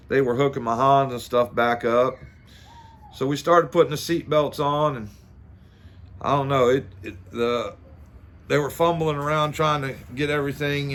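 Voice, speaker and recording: A man's voice: medium pitch, fairly bright tone, slight background noise. A middle-aged man, casually telling a rambling story to the camera with lots of fillers, restarts and the odd curse. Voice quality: plain-spoken and informal, swears casually. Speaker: amateur drag racer.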